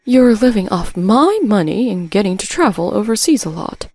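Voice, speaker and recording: A woman voicing a firm, brisk older sister who scolds and lays down conditions. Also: medium pitch, very animated, darkish tone, dry recording, soft background music. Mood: stern brisk. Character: stern, scheming older sister, brisk and unsympathetic.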